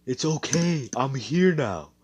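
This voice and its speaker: A man's voice: mid-range voice, lively intonation, slow pace, background noise, voice pushed up. A man voicing a guilt-ridden earnest young man. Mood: pleading. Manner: earnest, pleading. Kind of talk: improvised fan-story voicing.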